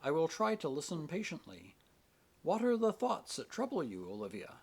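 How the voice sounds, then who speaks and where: A man's voice: a little high, wildly swooping pitch, moderate pace, vocal fry, husky, voice pushed up, exaggerated voice. A man voicing a proud, stern middle-aged minister who reproaches his daughter with irony in an audiobook. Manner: stern, ironic, authoritative. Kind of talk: audiobook character reading.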